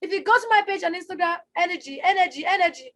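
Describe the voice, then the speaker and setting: A woman coaching on a live stream, energetic and loud, who likes to shout and repeats herself for emphasis. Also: very high voice, very fast. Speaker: online business coach. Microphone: phone or webcam on a live stream.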